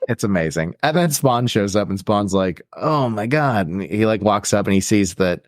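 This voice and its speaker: A low-pitched man rambles through a movie recap, tossing in quick acted-out quotes of the characters. His voice is close and dry, with no room sound. He talks in a loose, casual way. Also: no echo. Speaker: podcast co-host.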